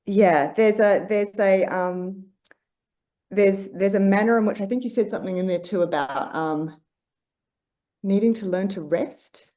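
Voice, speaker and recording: Woman on a podcast thinking out loud, lots of um and restarts, easygoing mid voice. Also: mid-range voice, unhurried. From Australia. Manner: searching, hesitant, many fillers and restarts. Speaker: podcast guest, psychologist. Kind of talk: reflective conversation.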